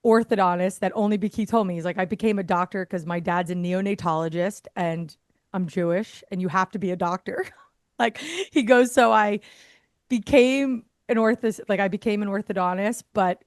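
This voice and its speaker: A woman's voice: medium pitch, normal speed, no echo. A woman guest on a podcast, an airway therapist, telling a story casually, laughing often and acting out other people's lines. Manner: lively, acts out quoted dialogue.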